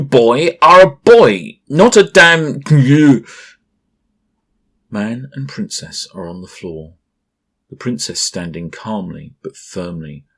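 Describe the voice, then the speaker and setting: A male storyteller reading a tale in a calm, measured way. His voice is deep and husky, and faint clicks sit under the reading. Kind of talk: scripted storybook narration.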